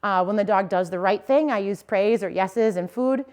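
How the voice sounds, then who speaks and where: A woman's voice: medium pitch, moderate pace, darkish tone. A young adult woman teaching dog owners in an easygoing, conversational way. She explains each step plainly and keeps checking that her listeners follow. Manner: casual and explanatory, often checking in with "okay?" and "right?". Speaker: dog trainer. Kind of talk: instructional talk to dog owners.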